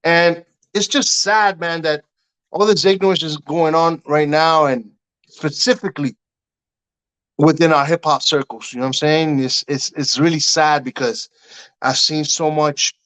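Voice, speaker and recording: Animated middle-aged man telling stories. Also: fairly high pitch, unhurried, rough recording. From Cuban heritage. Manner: animated storyteller, acts out quotes, frequent "you know what I'm saying". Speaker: guest. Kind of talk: casual storytelling interview.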